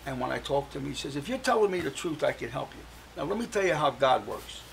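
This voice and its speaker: A man's voice: fairly high pitch, sing-song, fast talker, vocal fry, slight background noise, poor audio. An older man, a guest on a talk show, telling his personal story and acting out the voices of the people he quotes.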